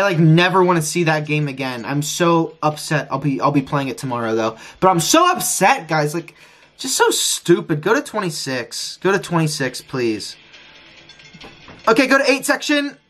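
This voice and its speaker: A man streaming a casino session, frustrated, talking excitedly and repeating his pleas to the wheel. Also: on the high side. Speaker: gambling streamer. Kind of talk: live casino session commentary.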